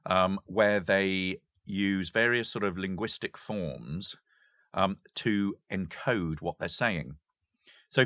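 A man's voice: on the low side, bright, forceful tone, dry recording, clean studio sound. A man explaining language games in a casual chat, stopping to give examples and laughing often.

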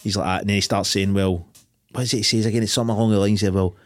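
Fast-talking Scottish man, low voice. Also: dry recording. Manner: swearing, animated retelling of scenes. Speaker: podcast host. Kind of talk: casual film chat.

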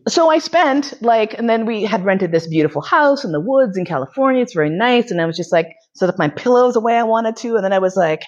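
A woman's voice: mid-range voice, lively intonation, a little fast, hardly any pauses, darkish tone. A woman hosting a podcast, telling a personal story in a candid, chatty way and filling her talk with "like.". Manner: candid and chatty, many "like"s, bursts of laughter. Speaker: podcast host. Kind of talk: casual confessional storytelling. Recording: slightly muffled lo-fi recording.

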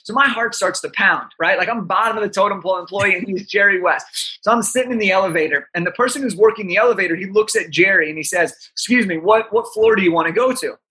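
A young man in his twenties, a podcast guest, telling an animated story with frequent "right?" asides. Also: high voice.

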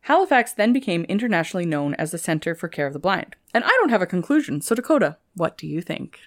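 Brief: young woman podcast co-host, low-pitched, keen and gushing over historical facts. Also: very animated, fast talker. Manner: eager, gushing about historical details. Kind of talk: casual history podcast chat.

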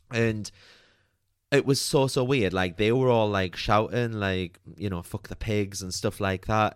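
A man's voice: medium pitch, clear, resonant tone, no room sound, clean studio sound. A man hosting a podcast, telling a personal story in a chatty, candid way full of "like" and the odd swear. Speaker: podcast host.

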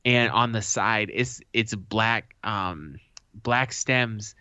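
A man co-hosting a podcast, telling a story in a casual, animated way and swearing freely. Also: on the low side, extremely slow, clear, resonant tone, no room sound. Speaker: podcast co-host. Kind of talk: casual chat. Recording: dull lo-fi sound.

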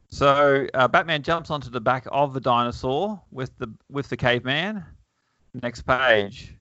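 Gravelly, bright-voiced man chatting wryly. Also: mid-range voice, dry recording. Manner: wry, chuckling, lots of fillers. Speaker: podcast host. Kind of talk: casual chat reading a comic aloud. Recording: dull lo-fi, dry.

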